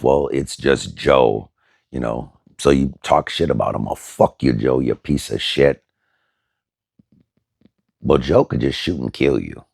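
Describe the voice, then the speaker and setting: Middle aged guy vlogging a story, swears a lot, husky low voice. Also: darkish tone, no room sound, studio quality. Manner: profane, blunt, conversational with many fillers. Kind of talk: casual storytelling to camera.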